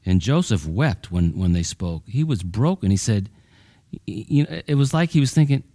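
A male pastor preaching a conversational sermon in a folksy way, full of "you know" and repeated words, his voice climbing higher when he presses a point. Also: sing-song, normal speed, dark tone, no echo, clean studio sound.

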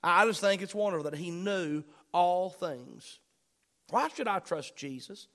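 A high-pitched man delivers a sermon. He leans on repetition to drive points home and slows deliberately when reading verses aloud. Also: lively intonation, a bit bright. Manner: emphatic, repeats key phrases, reads scripture slowly. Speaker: preacher.

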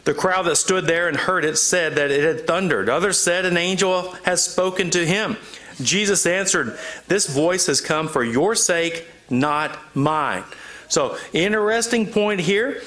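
A man teaching through a Bible passage, reading the verses aloud and explaining them in a relaxed, conversational way with frequent fillers. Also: high voice, unhurried. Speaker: pastor.

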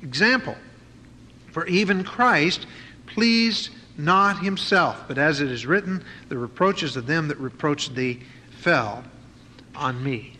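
A man's voice: fairly high pitch, expressive, slow pace, bright, forceful tone. A man preaching an expository sermon in a conversational way, with frequent fillers and restarts. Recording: faint noise and long reverb of a hall.

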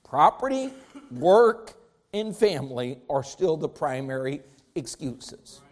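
A man's voice: on the high side, very animated, slow pace, a little mellow. A man preaching a sermon to his congregation, with an emphatic, rising and falling preaching cadence. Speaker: pastor.

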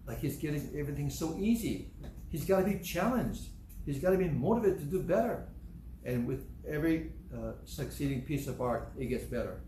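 Older male preacher, echoey room. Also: mid-range voice. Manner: animated storytelling, acts out quotes. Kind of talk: sermon. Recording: echoey room, faint background hum.

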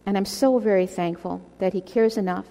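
Leading a women's Bible study at church, a woman speaks earnestly and exhorts her listeners directly. Her mellow, medium-pitched voice moves a little fast, with a long hall reverb around it.

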